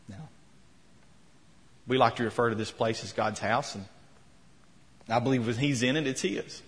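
Male pastor, mid-pitched voice, storytelling sermon, church with long reverb. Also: steady tone, brisk, pauses often. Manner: storytelling, retelling quotes with rising emphasis. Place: church sanctuary.

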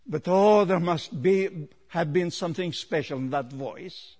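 A man preaching a sermon, rising to loud emphatic peaks and dropping low, with repeated rhetorical questions. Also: a little slow, few pauses, slightly rough. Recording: long hall reverb.

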